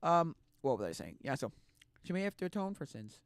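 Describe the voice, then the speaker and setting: A young man streaming casual chat, rambling and restarting, swinging between loud outbursts and quiet mumbles. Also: on the high side, big pitch swings, brisk, clear, resonant tone, no echo, clean studio sound.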